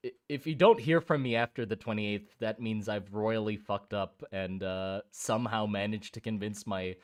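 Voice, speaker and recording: A man's voice: fairly low pitch, normal speed, clean tone. A young man from Germany and Thailand chatting casually on a live stream, rambling with many restarts and casual swearing. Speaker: streamer drawing miniatures.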